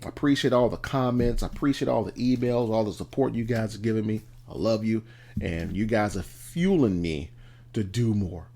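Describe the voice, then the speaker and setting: A man's voice: mid-range voice, dark tone. A man giving a motivational talk to camera, emphatic and repetitive, with a preacher-like cadence. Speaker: motivational video host.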